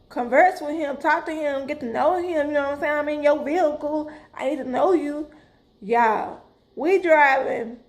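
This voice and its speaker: Woman, middle-aged, high-pitched voice, animated storytelling vlog. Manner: animated, dramatic, addresses viewers as "y'all". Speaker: vlogger. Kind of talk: casual storytelling to camera.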